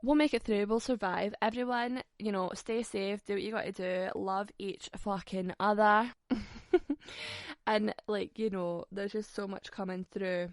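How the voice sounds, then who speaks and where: A woman's voice: mid-range voice, steady tone, no room sound. Sassy woman, twenties, podcast host; sweary, giggly banter, dead-dry recording. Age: 20s. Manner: sweary, sassy, quick to laugh. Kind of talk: casual solo podcast chat.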